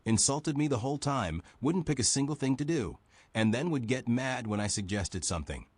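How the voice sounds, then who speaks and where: Synthetic guy voice reading stories flat and even, dry sound. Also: medium pitch, moderate pace, husky, no room sound. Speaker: text-to-speech reader of viewer stories.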